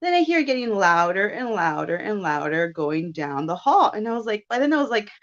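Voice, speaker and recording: A woman in her thirties telling a personal story in casual chat, animated and quick to laugh as she acts out her own thoughts. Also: mid-range voice, highs cut off. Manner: chatty and animated, with laughs and self-quotes. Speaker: guest.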